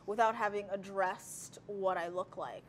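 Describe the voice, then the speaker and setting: A woman's voice: medium pitch, steady tone, a little slow, a little hiss or hum. A woman comedian on a casual panel, telling stories in a laughing, self-mocking way. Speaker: comedian guest.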